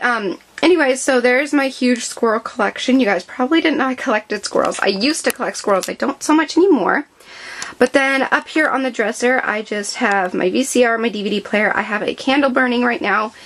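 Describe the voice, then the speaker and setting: A young woman vlogger giving a casual tour of her bedroom, filming with a handheld camera as she moves around and chats in a rambling way with lots of fillers. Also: medium pitch. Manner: chatty, rambling, many fillers. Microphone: handheld camera, moving around.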